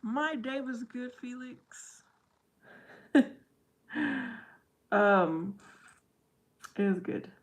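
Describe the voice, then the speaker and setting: A woman's voice: on the high side, extremely slow, pauses often. A middle-aged woman hosting a casual livestream chat with her viewers, silly and giggly. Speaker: livestream host.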